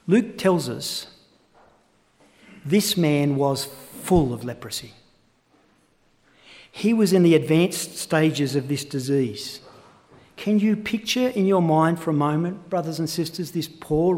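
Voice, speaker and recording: A man preaching a sermon to his congregation, earnest and building to impassioned emphasis. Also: sits high. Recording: long hall reverb.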